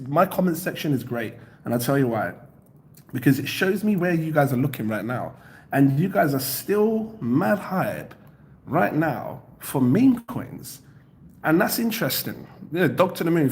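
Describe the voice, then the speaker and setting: Laughing, chatty man on a crypto livestream. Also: slight background noise. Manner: laughs often, reads out chat comments; animated, jumps up in pitch when excited. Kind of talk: casual livestream chat.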